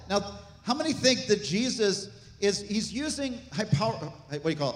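A man preaching a sermon as pastor, animated, with asides and jokes to the congregation. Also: sits high, normal speed. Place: church sanctuary. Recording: echoey church hall.

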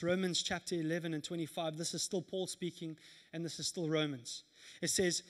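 A man in his thirties preaching a sermon at a church service, telling stories in an animated way with laughter. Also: on the high side, normal speed. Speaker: pastor.

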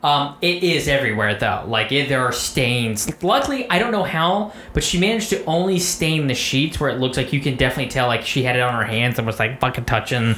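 A man's voice: medium pitch, a little fast, few pauses, bright, forceful tone. A man co-hosting a podcast, telling a long story in a casual, rambling, profane way, full of fillers. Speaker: podcast co-host. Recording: echoey room with faint noise.

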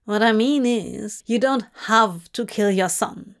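A woman's voice: mid-range voice, slow. A woman doing a snarky brash male demon. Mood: impatient. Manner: sarcastic, brash, loud.

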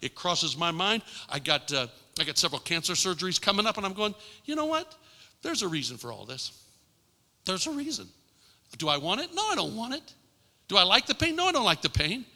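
An older man preaching a sermon as pastor, impassioned, repeating lines with emphasis and dropping at times to a hushed voice. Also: high voice, sing-song, fast talker. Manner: impassioned, with emphatic repetition and sudden drops to a hushed voice. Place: church sanctuary. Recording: long reverb in a large hall.

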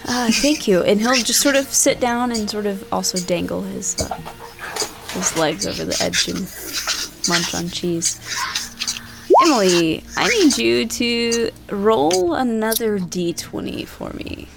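A woman's voice: medium pitch, expressive, measured pace, gravelly, very noisy. A woman narrating a tabletop game as game master, chatty and hesitant, with many fillers.

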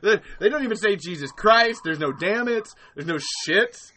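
A man chatting casually as a podcast guest, animated, profane and quick to laugh. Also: high voice, background noise. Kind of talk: casual chat.

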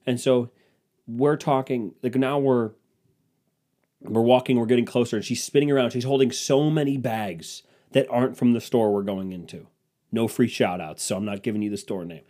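A man's voice: medium pitch, fairly even intonation, moderate pace, warm tone. A young man hosting a solo podcast, telling comedic stories in a rambling, crude, self-mocking way. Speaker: podcast host.

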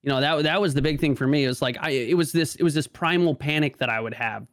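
Gravelly man talking in halting restarts. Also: a little high, a bit bright, dry recording, clean studio sound. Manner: stammering restarts, frequent "like" fillers. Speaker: podcast guest. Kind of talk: casual conversation.

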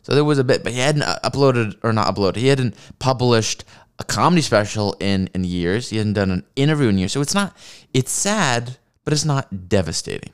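A man's voice: mid-range voice, animated, fairly quick, clean tone. A man hosting a solo comedy podcast, ranting in a rambling, profane and mocking way. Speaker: podcast host.

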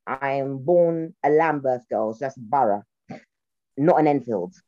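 A young South London woman speaks in a low, mellow register, telling her story in a loose, chatty way and breaking into laughter. The sound is dry and slightly dull, like a video call. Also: unhurried, no room sound. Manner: chatty, animated, laughs often, slips into mocking voices. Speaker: guest, comedian. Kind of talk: casual interview chat.

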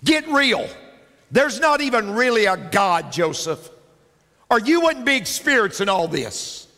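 Male preacher voicing a hissing devil tempter, low sneering whisper, church hall echo. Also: very animated, unhurried, bright, forceful tone, full character voice. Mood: taunting.

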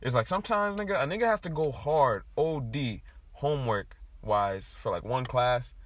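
A young man chatting casually, telling a profane, animated story with big bursts of laughter. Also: mid-range voice, normal speed. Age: young adult.

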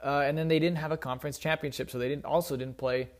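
A man's voice: fairly high pitch, steady tone, fast. A young man giving casual, opinionated solo sports talk as a commentator, rambling with frequent fillers.

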